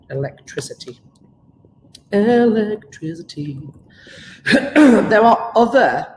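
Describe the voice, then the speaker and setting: A male chemistry teacher giving a live online lesson in a chatty way, repeating key words slowly for students taking notes. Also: a little high, echoey room, long reverb tail, a little hiss or hum, poor audio.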